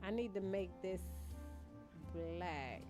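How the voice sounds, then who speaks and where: A woman's voice: on the low side, animated, slow. A young woman, chatting casually with her live-stream viewers while she plays and thinks aloud. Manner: chatty, muses aloud, addresses chat as y'all. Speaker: gaming streamer. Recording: faint background game music.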